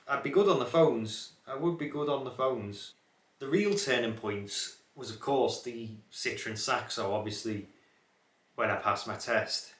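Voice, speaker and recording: A man's voice: mid-range voice, fairly bright tone. Young man with a light Scouse accent. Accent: watered-down Scouse. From Liverpool area, England. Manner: rambling, many fillers and restarts. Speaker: car channel host. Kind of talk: casual reflective chat to camera. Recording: echoey room.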